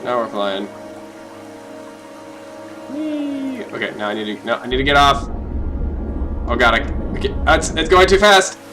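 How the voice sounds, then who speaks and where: A man giving casual, jokey commentary while playing a game, often gushing in a high voice. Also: fairly quick, over music, rough recording. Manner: excitable and jokey, jumps to high-pitched gushing. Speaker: let's play host.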